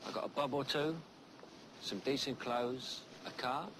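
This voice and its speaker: An actor with a Cockney accent playing a young working-class London ladies' man, musing quietly on his life in a film monologue. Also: medium pitch, fairly even intonation, measured pace, natural voice. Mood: wistful. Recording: noisy old film soundtrack.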